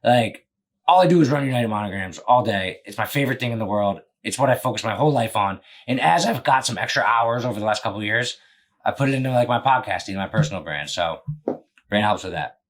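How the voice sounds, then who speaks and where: A man's voice: on the low side, lively intonation, fast talker. A young man hosting a casual podcast, rambling and joking, swearing freely. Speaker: podcast host and business owner.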